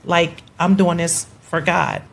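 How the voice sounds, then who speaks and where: A woman in her fifties, a guest, chatting about her husband in an animated, teasing, playful way. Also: fairly low pitch, slow pace, vocal fry. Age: 50s. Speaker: guest, wife. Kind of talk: casual chat.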